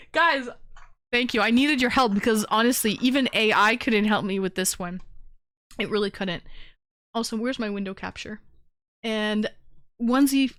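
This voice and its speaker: A chatty young woman hosts a live stream, talking casually and breaking into bursts of excitement. Her voice sits a touch high and sounds smooth and clear. It is picked up close on a desk mic with a dry, dead sound. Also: no room sound. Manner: excitable, chatty, bursts into shouting and humming beats. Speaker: streamer hosting a call-in show.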